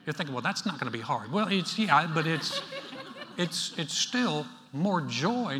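A male pastor preaching a sermon in a church, talking in a conversational, animated way with playful asides. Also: fairly high pitch. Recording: reverberant hall.

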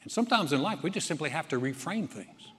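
A man's voice: a little high, lively intonation, quick pace, fairly bright tone. A man from North Carolina preaching a sermon in a folksy, conversational way. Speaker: pastor. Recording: long hall reverb.

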